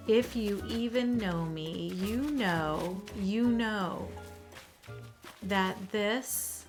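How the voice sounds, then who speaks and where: An excitable woman chats to her viewers as she plays a game, gushing and fretting aloud. She talks at an easy, drawn-out pace with plenty of pauses. Bright game music plays clearly under her voice. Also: mid-range voice. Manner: excitable, chatty, addresses viewers directly. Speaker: gaming channel host. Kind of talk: casual gameplay commentary.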